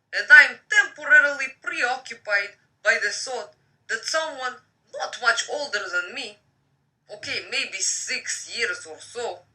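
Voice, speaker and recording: A woman with a bright, fairly high Russian-accented voice reads a bedtime story slowly and breathily as a live-stream host, adding chatty, flirty asides to viewers. She's recorded on a phone from a distance, and the recording is rough.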